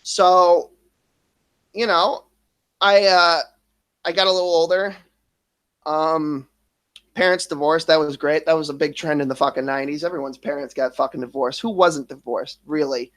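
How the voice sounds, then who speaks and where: A man in his thirties speaks on his stream about his past, emotional and close to tears. He swears constantly, stops and restarts his sentences, and trails off. His voice sits a little higher than most men's. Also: steady tone, normal speed, long pauses, fairly bright tone. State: emotional, near tears at times. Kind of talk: emotional personal confession.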